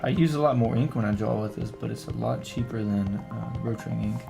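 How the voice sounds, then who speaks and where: A man's voice: medium pitch, a little fast, vocal fry. A man streaming from his home setup, chatting casually and joking as he draws. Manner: rambling, jokey, self-talk. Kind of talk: casual chat while drawing. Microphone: microphone through audio interface. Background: music.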